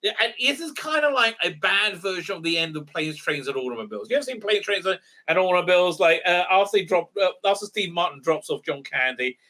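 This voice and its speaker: A man's voice: high voice, lively intonation, brisk, few pauses, pushed and bright. A man ranting through a sarcastic recap review, rambling with many fillers and tag questions. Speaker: video reviewer.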